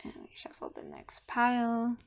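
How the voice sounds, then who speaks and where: A woman's voice: on the high side, wildly swooping pitch, normal speed, vocal fry, lo-fi sound. Chatty woman reading oracle cards. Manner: chatty and loose, with fillers and asides. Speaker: oracle card reader and deck creator. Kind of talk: casual card reading and deck walkthrough.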